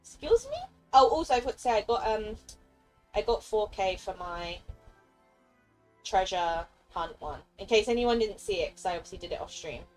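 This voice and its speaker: A young woman chats casually on a live stream, sharing her opinions at an easy pace. She laughs often and briefly slips into playful voices for characters. Soft music plays quietly behind her. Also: medium pitch, moderate pace, rough recording. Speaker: game streamer.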